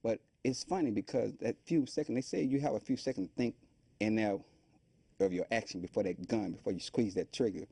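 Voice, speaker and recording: Husky low-voiced man telling his story. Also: fairly quick, no room sound. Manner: animated storytelling, acting out quoted voices; loose, rambling colloquial speech. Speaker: guest.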